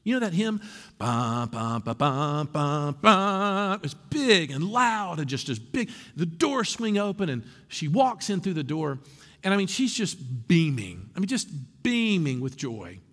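Animated pastor preaching. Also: male voice, sits high, moderate pace, breathy edge, in a large hall. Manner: animated storytelling with humor and asides. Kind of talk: sermon. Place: church sanctuary.

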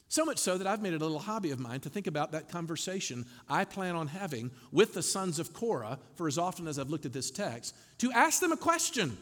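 A man preaching a sermon to his congregation as pastor, animated, with wry asides. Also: sits high, brisk, few pauses. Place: church sanctuary. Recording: long hall reverb.

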